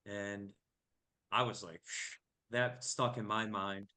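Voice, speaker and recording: A middle-aged man from New York tells a story in a casual chat. His tone is bright and forceful, and he sits fairly low in pitch. He acts out every exchange he recounts. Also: slow. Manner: animated storyteller, acts out quoted dialogue. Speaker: family business owner, podcast guest.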